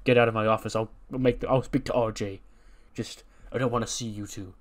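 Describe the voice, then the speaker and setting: A man's voice: fairly low pitch, fairly even intonation, fairly quick, natural voice. A man voicing a tired male wrestling boss who answers curtly and dismissively.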